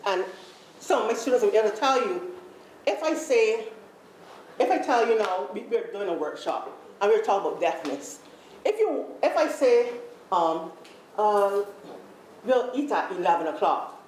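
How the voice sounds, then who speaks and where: A Barbadian woman leading a workshop on deafness, talking animatedly to a room and repeating herself as she calls people up. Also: mid-range voice. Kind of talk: lively live workshop talk to a group. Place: large room with an audience. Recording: echoey room, faint background noise.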